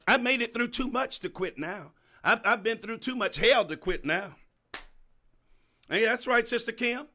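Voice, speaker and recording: A man preaching a sermon to a congregation, repeating phrases for emphasis and calling out to listeners by name, swinging between soft and loud. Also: very high voice, a little slow.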